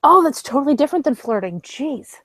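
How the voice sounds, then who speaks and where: A woman's voice: high-pitched, very animated, brisk, a bit bright, no room sound. A woman playing a tabletop role-playing game, chatting casually with many restarts. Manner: chatty, hesitant, lots of restarts. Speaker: player.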